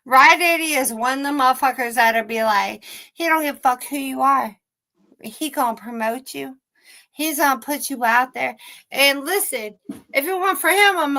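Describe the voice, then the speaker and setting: A woman's voice: high-pitched, moderate pace, sharp tone. A woman co-hosting a casual livestream chat, ranting heatedly and swearing constantly.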